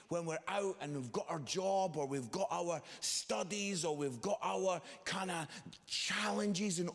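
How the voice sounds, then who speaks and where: A preacher in a large hall tells comic stories and slips into the voices of the people in them. His pitch sits high for a man and swings widely. A long reverb hangs on every line. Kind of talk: sermon with comic storytelling.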